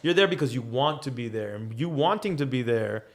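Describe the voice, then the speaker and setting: A man's voice: mid-range voice, expressive, brisk. Laid-back cursing DJ guest man. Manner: laid-back, swears freely. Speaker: guest DJ and podcast co-founder. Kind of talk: casual interview.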